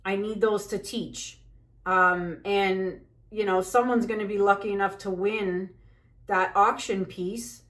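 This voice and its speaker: A woman's voice: medium pitch, fairly even intonation, slow pace, fairly bright tone. A woman chatting casually while she paints, venting anxiously in a rambling way with many fillers. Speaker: fluid art painter and channel host.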